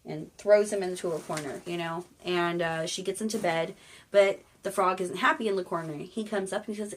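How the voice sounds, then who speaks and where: A woman's voice: on the low side, fairly even intonation, normal speed. A woman casually retelling an old fairy tale in slangy, irreverent talk that includes swearing. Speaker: storyteller.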